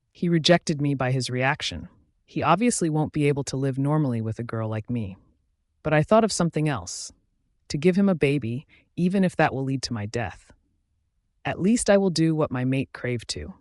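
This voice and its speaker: A man reads a first-person romance audiobook in a steady, expressive way. His voice is at a middle pitch, and the recording is dry and close to the mic. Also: no echo. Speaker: audiobook narrator.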